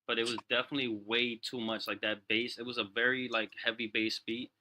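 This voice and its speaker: Chill guy hosting a music review, crisp forward voice, slangy, says bro a lot. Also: mid-range voice, flat delivery, a little fast, sharp tone, a little hiss or hum. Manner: laid-back, peppers talk with "bro". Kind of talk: casual slangy chat.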